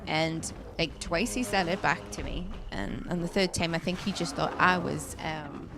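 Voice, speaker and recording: A woman's voice: sits low, moderate pace, vocal fry, noisy background. A woman streaming a survival game, telling shop stories in chatty casual talk full of fillers and restarts. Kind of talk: casual chat while gaming. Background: game music.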